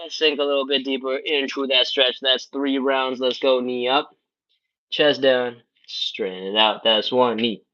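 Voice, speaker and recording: Male mobility coach, mid-pitched, calm live cueing, lo-fi stream audio. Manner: calm, coaching, counting breaths and reps. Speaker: stretching instructor. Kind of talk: live workout instruction. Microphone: livestream setup.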